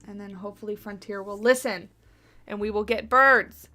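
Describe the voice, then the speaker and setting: This streamer speaks at a moderate pace in a medium-pitched, steady voice that sounds pushed and bright, with faint music behind her. Building in a game at home, she rambles casually and talks to chat readers through a boom-arm USB desktop mic.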